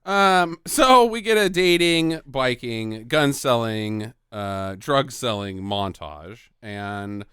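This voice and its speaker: A man co-hosting a casual comedic movie review podcast, joking with quick asides. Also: mid-range voice, animated, a bit bright, clean tone, no echo, clean studio sound. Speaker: podcast co-host.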